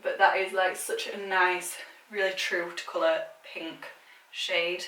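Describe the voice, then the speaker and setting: A woman's voice: lowish voice, little pitch movement, a little slow, pushed and bright. A British woman vlogging casually about makeup, chatty and gushing, with lots of filler words. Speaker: beauty vlogger. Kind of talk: casual makeup swatching chat. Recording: echoey room, mic at a distance.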